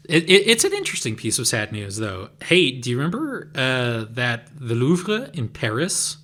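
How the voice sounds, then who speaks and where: A man's voice: medium pitch, very animated, normal speed, pushed and bright. A man co-hosting a podcast in casual chat, often restarting and filling with "like". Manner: hesitant, repeats words, fills with "like". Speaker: podcast co-host.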